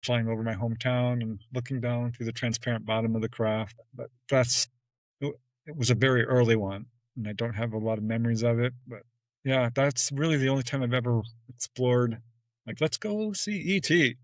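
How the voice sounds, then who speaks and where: A man in a relaxed interview who tells his stories with plenty of animation. He acts out the dialogue and jumps up in pitch when he quotes, with frequent little laughs. His voice sits in a middle register, recorded close and dry with no room sound. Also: a little fast, no room sound, rough recording. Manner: laughs often between phrases. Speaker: podcast guest. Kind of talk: casual storytelling in an interview.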